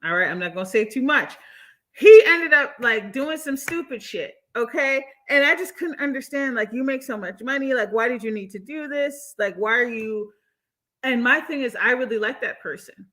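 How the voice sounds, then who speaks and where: A young woman hosting a livestream, reading out chat comments and reacting with animated, outspoken commentary, laughing often and swearing. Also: a little high, moderate pace.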